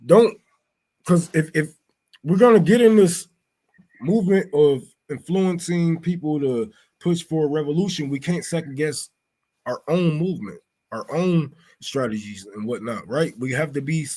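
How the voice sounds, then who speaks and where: A man's voice: fairly high pitch, moderate pace, mellow, poor audio. A man speaking as an activist on a livestream panel, blunt, profane and emphatic.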